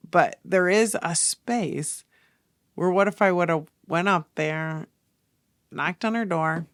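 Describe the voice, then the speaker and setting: Earnest woman in her forties, gravelly. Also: fairly low pitch, takes it slowly, slight background noise. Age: 40s. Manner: earnest, confessional, addresses listeners directly. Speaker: podcast host. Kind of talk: casual podcast monologue.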